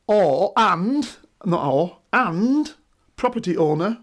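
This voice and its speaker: A middle-aged man speaks slowly in a high voice. As a guest in a casual chat, he's emphatic and animated, often checking in with a "right?"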